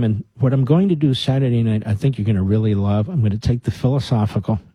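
A male radio talk show host addresses his listeners directly in an emphatic, lively monologue peppered with mocking asides. His mid-range voice is dark and slightly husky, and the dry recording makes him sound right up against the studio mic.

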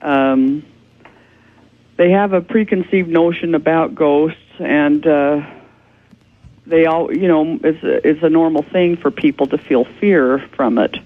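A paranormal investigator calling in as a radio guest, explaining earnestly. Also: female voice, low-pitched, measured pace. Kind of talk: radio interview. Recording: tinny phone line.

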